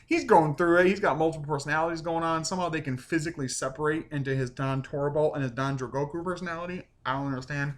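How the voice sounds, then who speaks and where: A man reviewing and recapping a TV episode in a casual, rambling way, full of fillers and animated retellings. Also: on the high side, fast talker, few pauses. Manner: chatty, rambling with many "like" and "um" fillers; animated, acts out quoted lines. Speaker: show reviewer.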